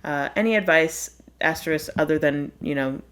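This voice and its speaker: A woman's voice: low voice, normal speed. A woman in her twenties hosting a casual advice podcast, playful and prone to slipping into put-on accents. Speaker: podcast host. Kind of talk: casual chat.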